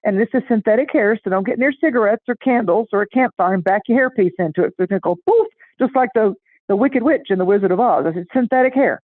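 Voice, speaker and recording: Animated woman on a tinny phone line. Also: medium pitch, fast talker, dry recording. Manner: animated, acts out voices in anecdotes. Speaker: astrology guest. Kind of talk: casual storytelling chat.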